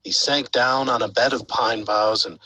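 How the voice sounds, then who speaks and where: A man narrating a children's story in an expressive read-aloud style. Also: medium pitch, a little slow, no echo, rough recording.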